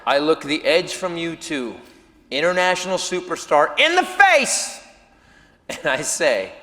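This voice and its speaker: A stand-up comedian telling a story on a live stage, loud and animated, dropping to mumbled self-talk. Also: male voice, on the high side, unhurried. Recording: live hall reverb with audience noise.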